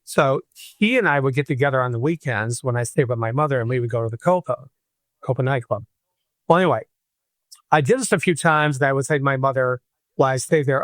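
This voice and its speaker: A man from Michigan, a podcast guest, telling a personal story in an animated way and acting out the voices he quotes. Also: mid-range voice, quick pace, no room sound. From Michigan, USA.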